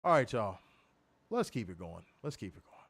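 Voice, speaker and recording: A man co-hosting a casual wrestling review podcast, animated, swearing freely and laughing often. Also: lowish voice, moderate pace. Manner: animated, profane, laughs a lot. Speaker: podcast co-host.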